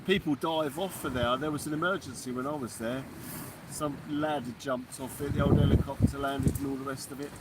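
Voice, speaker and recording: A man's voice: medium pitch, background noise. A man hosting a live fishing stream outdoors at night, chatting and answering viewer comments. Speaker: fishing channel host. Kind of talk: casual live-stream chat.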